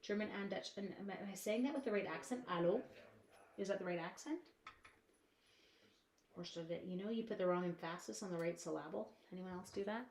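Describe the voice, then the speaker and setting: A woman's voice: mid-range voice, quick pace, a little mellow, a little hiss or hum. A woman chatting casually while demonstrating crafts at her home desk on a live stream, reading out viewers' comments and talking to her supplies.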